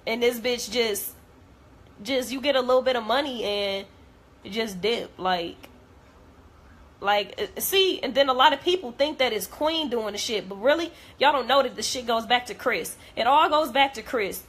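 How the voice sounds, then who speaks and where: A woman's voice: a little high, animated, moderate pace, a bit bright. A young adult woman vlogger in a blunt, profane, hurt and heartfelt rant to camera.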